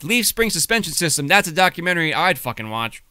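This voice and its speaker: A man's voice: on the high side, very animated, quick pace, bright, forceful tone, smooth, no echo. A man joking crudely and swearing while doing let's play commentary.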